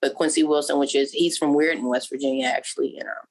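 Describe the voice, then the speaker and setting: A woman's voice: rumbling low, fast talker. A woman in her thirties, a football player and guest, chatting casually and acting out quotes as she tells stories. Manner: animated storyteller, acts out quotes. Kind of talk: casual interview chat.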